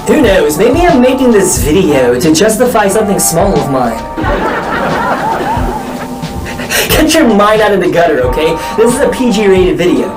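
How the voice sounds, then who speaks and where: A young male vlogger jokes at his own expense while chatting playfully to viewers, his high voice swinging up and down with lively energy at a measured pace with long pauses. He sounds distant from the mic in an echoey room, with music underneath and a crowd in the background.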